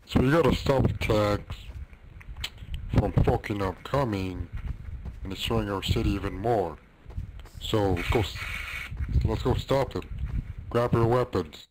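A young man giving profane, loose commentary over his own gameplay, now and then breaking into shouting. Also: lowish voice, unhurried, pauses often. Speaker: gamer. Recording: loud background noise.

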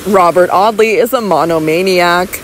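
A woman's voice: lowish voice, normal speed, a little hiss or hum, lightly acted, low-quality recording. A woman voicing a young lady who argues her case earnestly and coaxes her husband tenderly. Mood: insistent. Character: scheming young lady, frightened yet persuasive.

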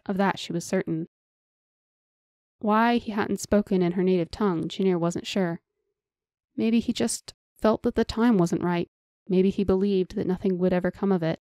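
A woman reading a fantasy audiobook as narrator in an even, measured storytelling manner. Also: fairly low pitch, no room sound, studio quality.

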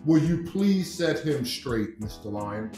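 A man's voice: mid-range voice, very animated, takes it slowly, dark tone, reverberant, soft background music. Man doing an exasperated tiger. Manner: insistent, exasperated. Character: male tiger, impatient and exasperated.

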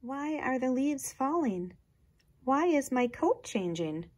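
A woman voicing a timid young male fawn who asks anxious questions, with a breathy voice. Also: high-pitched, very animated, slow pace, voice pushed up, heavily acted.

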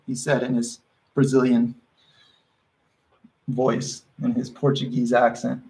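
A man of ordinary pitch walks viewers through a live painting demonstration. He talks casually and encouragingly, thinking out loud and restarting his sentences as he works. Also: completely flat delivery, unhurried, long pauses, rough recording. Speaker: painting instructor.

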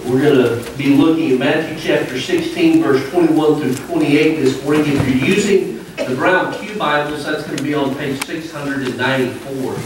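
A man preaching a sermon in a conversational, storytelling manner in a church. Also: medium pitch. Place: church sanctuary. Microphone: wireless mic cutting out. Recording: echoey sanctuary, distant mic, faint noise.

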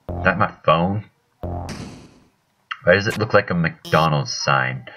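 A deep-voiced man gives casual play-by-play of a video game. He is chatty and self-mocking, and his voice jumps about lively. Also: slow, gravelly, pauses often, faint music behind, rough recording. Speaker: let's play host. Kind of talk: casual gameplay commentary.

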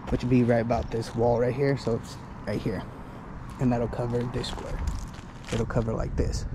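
A young male roofer walking rooftops outdoors and casually explaining what he sees, at times out of breath. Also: medium pitch. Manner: loose, explaining as he walks the roof. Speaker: roofing salesman and foreman. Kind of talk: casual walkthrough vlog. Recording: outdoor noise behind the voice.

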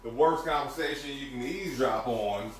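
A man's voice: mid-range voice, moderate pace. A man hosting a casual talk show, telling a long rambling workplace story with many restarts. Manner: rambling anecdotal delivery with restarts. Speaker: podcast host. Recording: echoey room, distant from mic.

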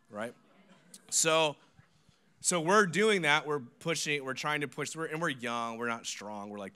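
Bright-voiced joking preacher man. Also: medium pitch. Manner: animated, self-deprecating and joking. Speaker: pastor. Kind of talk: sermon storytelling.

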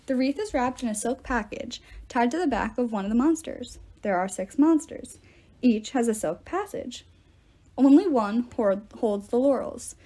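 A woman's voice: fairly high pitch, lively intonation, normal speed, dark tone. A woman voicing a stern, gray-haired male swordsmaster who gives clipped, commanding orders.

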